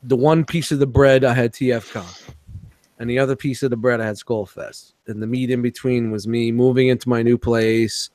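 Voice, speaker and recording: A man co-hosting a collectors' podcast in casual chat, rambling and animated, swearing freely. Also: medium pitch, normal speed. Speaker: podcast co-host.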